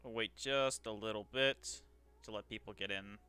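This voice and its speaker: Chatty man streaming, bright voice. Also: on the low side, fairly even intonation, moderate pace, clear, resonant tone. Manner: chatty, self-deprecating, talks to himself while working. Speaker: streamer doing 3D modeling commissions. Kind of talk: casual livestream commentary.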